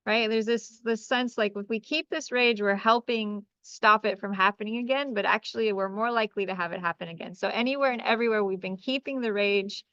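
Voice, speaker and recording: An excitable woman guides a group energy clearing session, breaking into cheerful exclamations and dropping into slow, chant-like commands. Her voice comes across smooth and resonant, close and dry. The call audio sounds a little dull and muffled. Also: mid-range voice, no echo. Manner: enthusiastic and effusive, with exclamations and chuckles. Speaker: spiritual energy healer leading a group session.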